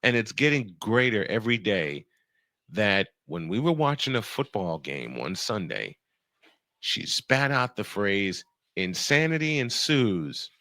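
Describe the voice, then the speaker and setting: A man hosting a radio show, telling a funny story in casual chat, animated and laughing often. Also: fairly low pitch, no room sound, studio quality. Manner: animated, laughing, quick bursts of speech. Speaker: radio and podcast host.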